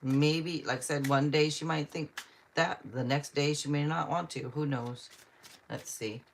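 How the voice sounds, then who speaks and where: A woman's voice: low-pitched, steady tone, a little slow, vocal fry, slight background noise. A woman giving a live tarot reading, chatting with viewers by name and reading out cards, with frequent laughs. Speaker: tarot reader.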